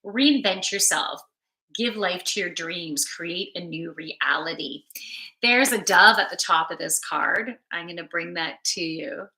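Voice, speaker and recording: A woman giving a relaxed, rambling card reading on a live stream, answering viewers' chat and yawning now and then. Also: on the low side, unhurried, echoey room. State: sleepy, yawning. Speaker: spiritual card reader and yoga teacher.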